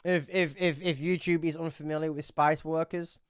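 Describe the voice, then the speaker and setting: A woman's voice: sits low, fairly even intonation, normal speed, smooth, no room sound, studio quality. A woman running a tabletop game livestream, chatty and swearing freely as she narrates. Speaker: game master.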